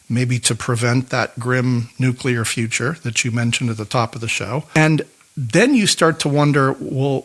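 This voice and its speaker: A man co-hosts a podcast and walks his partner through a prepared explanation. His delivery is conversational and steady, partly read from notes. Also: mid-range voice. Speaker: podcast co-host.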